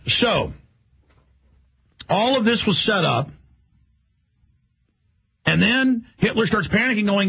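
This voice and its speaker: A man hosting a radio show, delivering a rapid, emphatic, rambling monologue. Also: sits high, expressive, gravelly, fairly bright tone, slightly rough, highs cut off.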